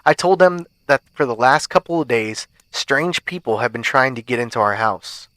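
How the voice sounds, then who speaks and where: A podcast host reads a spooky first-person horror story aloud, measured and suspenseful yet animated, in an ordinary middle-pitched male voice that's a bit bright. The recording is close and completely dry, with no room sound.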